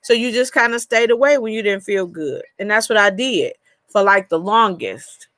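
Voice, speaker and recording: A woman's voice: mid-range voice, expressive, normal speed, a bit bright, no echo. A woman hosting a casual live chat, telling a long personal story in a rambling way and greeting viewers by name.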